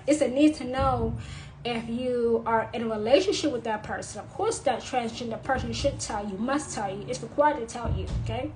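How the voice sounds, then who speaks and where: A woman's voice: a little high, slight background noise, low-quality recording. A woman vlogger giving an unscripted, blunt monologue, repeating her points for emphasis.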